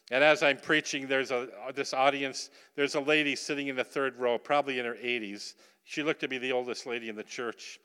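A man preaching in a church sanctuary, his voice bright and ringing with a smooth, resonant clarity. He tells his story with animated emphasis and turns to the congregation with questions. A long reverb trails behind every phrase. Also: mid-range voice. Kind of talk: sermon with personal storytelling.

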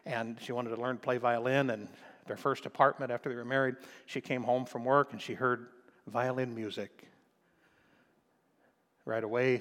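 An older man preaches in a church, telling family stories with a folksy touch and rising to emphatic bursts. His voice sits at a middle pitch. It rings with a long reverb from the sanctuary around him. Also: a bit bright. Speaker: pastor. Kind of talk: sermon.

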